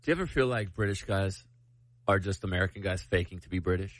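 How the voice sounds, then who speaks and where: A man from Mexico co-hosting a radio show, chiming in with quick teasing asides in casual chat. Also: deep voice, no echo.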